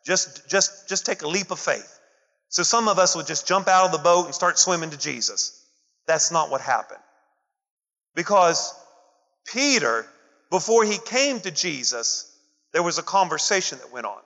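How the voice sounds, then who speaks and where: High-voiced preacher in a reverberant hall. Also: male voice, expressive, moderate pace, pushed and bright. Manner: preaching with call-and-response to the congregation. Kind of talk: sermon. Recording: dull lo-fi audio with long hall reverb.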